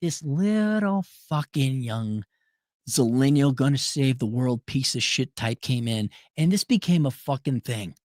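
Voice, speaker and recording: Profane ranting man, lively pitch. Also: a little slow, no echo, clean studio sound. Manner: profane, sarcastic, mocking voices. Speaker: commentator. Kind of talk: ranting monologue.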